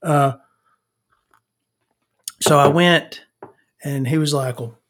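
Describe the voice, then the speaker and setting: A man's voice: on the high side, steady tone, extremely slow, a bit bright. A man hosting a podcast, telling crude stories in a rambling casual monologue and calling himself Victoria. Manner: frequent fillers and self-restarts. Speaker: podcast host.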